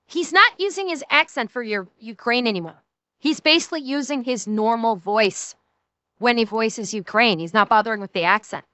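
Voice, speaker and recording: A woman streamer giving emphatic, animated reaction commentary, swearing freely. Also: very high-pitched, dry recording.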